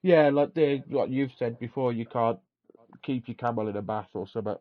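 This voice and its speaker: A podcast co-host speaks in a mid-range voice at a fairly quick pace, chatty and rambling, laughing often during the casual conversation. The sound is dull and lo-fi.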